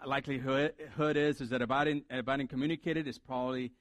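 A man's voice: medium pitch, fairly even intonation, fast talker, no echo. A man preaching a sermon as a pastor, talking conversationally and animatedly and acting out the lines he quotes.

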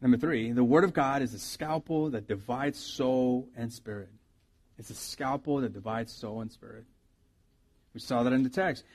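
A middle-aged man, a pastor, preaching a sermon with animated storytelling, his loudness swinging from soft asides to loud bursts. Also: medium pitch, moderate pace.

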